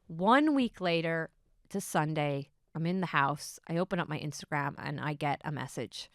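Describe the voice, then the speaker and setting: Low, smooth-voiced woman podcast host. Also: moderate pace, no room sound, clean studio sound. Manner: excitable, swings between hushed asides and bursts of enthusiasm. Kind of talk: casual solo podcast storytelling.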